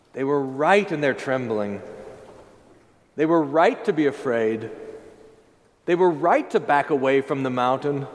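High, lively preaching man in reverb. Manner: animated preaching, rising to emphatic declarations. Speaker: pastor. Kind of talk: sermon. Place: church. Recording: long reverb of a church hall.

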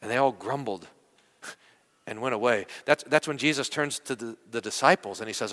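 A man preaching a sermon as pastor, talking in an animated, conversational way, often restarting and repeating words. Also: mid-range voice, a little fast, big-room sound. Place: church.

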